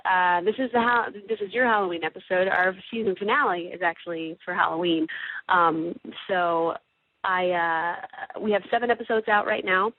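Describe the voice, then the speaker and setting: A woman's voice: medium pitch, breathy edge, no echo. A young woman, a guest voice actress, chatting casually in an interview with lots of "like" and "you know". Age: young adult. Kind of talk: casual interview over the phone. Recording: tinny phone line.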